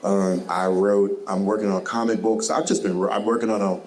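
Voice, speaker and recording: A man with a Southern US accent answering audience questions at a bookstore author talk, animated and quick to laugh. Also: on the low side, rough recording. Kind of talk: casual audience Q&A. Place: bookstore event.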